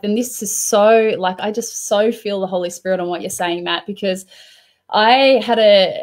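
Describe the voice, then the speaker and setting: A woman in casual conversation, earnestly telling an emotional story of a prayer experience. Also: mid-range voice. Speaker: host. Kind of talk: casual chat.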